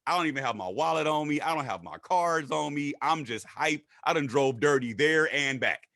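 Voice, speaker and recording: A man telling his story in a casual interview, animated and acting out what others said in raised voices. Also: moderate pace, dry recording, clean studio sound. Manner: animated, acts out quotes in high voices. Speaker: guest.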